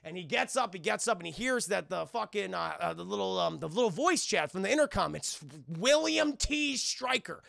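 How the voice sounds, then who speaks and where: A man streaming a profane, excitable spoiler film review, often laughing and talking to his chat. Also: high voice, normal speed, creaky, few pauses, no echo, clean studio sound.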